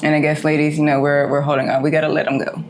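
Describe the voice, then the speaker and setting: A woman's voice: low-pitched, level tone, rapid-fire, slight background noise. Blunt, slangy woman co-host. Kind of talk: casual chat.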